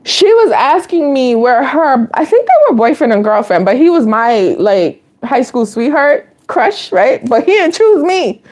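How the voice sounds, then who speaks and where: A woman's voice: sits high, sing-song, measured pace, hardly any pauses, a little mellow. A woman in her late thirties telling stories in a casual live Q&A vlog, chatty and confiding, laughing often as she talks. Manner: chatty and confiding toward viewers. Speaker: vlogger host.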